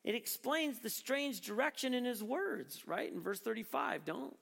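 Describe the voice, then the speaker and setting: A man with a high voice preaches to his congregation, shifting from easy conversational explanation to pointed, emphatic questions. His words ring out with a long reverb, as in a large church sanctuary. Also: expressive, moderate pace, vocal fry, a bit bright. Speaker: pastor. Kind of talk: sermon.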